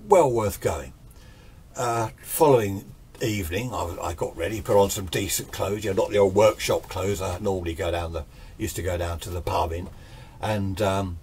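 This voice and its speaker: A man's voice: lowish voice, darkish tone, slight background noise. An older man telling a ghost story in a rambling, chatty, self-deprecating way. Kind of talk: casual spoken ghost story.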